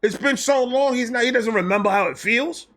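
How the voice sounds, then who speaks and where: A young man telling a casual, comedic story, animated, acting out quotes with slang and swearing. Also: very high voice, brisk. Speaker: storyteller host.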